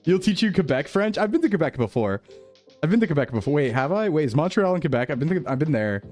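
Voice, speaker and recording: A man's voice: on the high side, very animated, fast, darkish tone, faint music behind. A man streaming, chatting casually with his viewers and laughing often. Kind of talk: casual chat reading chat.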